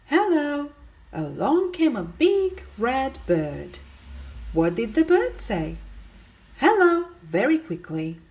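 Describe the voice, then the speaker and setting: A woman reads a children's picture book aloud, asking her young listeners questions and calling out the characters' greetings. Her medium-pitched voice is very animated, slow, and mellow.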